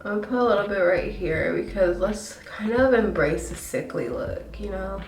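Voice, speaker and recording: A woman's voice: mid-range voice, brisk, darkish tone, reverberant, distant mic, soft background music. Stuffy-nosed young woman chatting, congested. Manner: chatty, self-deprecating, apologetic. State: breathing hard. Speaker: beauty vlogger. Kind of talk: casual get-ready-with-me vlog.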